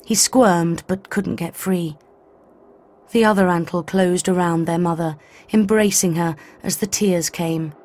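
A woman narrating a science-fiction story in the first person, with an even, measured delivery. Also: on the low side. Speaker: audiobook narrator. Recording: faint background music.

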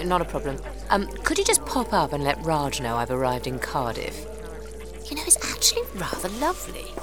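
An actress playing a breezy, flirtatious woman who runs a secret agency, talking in a teasing, playfully commanding way in an audio drama. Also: low voice. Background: music score.

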